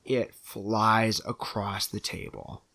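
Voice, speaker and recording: A man's voice: lowish voice, little pitch movement, slow, sharp tone, dry recording. A man casually recapping a movie on a podcast, acting out the characters' lines as he retells the scenes. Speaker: podcast co-host. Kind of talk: casual film recap chat.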